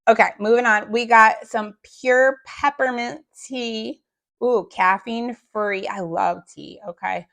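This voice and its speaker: A middle-aged woman with a rough, gravelly voice chatting casually to viewers as she unpacks a food bank haul, joking in small asides. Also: fairly high pitch, fairly even intonation, slow, fairly bright tone.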